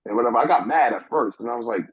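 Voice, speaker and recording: A middle-aged man from New York, a guest telling a personal story in an animated way, often restarting and repeating words as he thinks. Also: medium pitch, rapid-fire, husky, no echo. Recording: dull lo-fi dry sound.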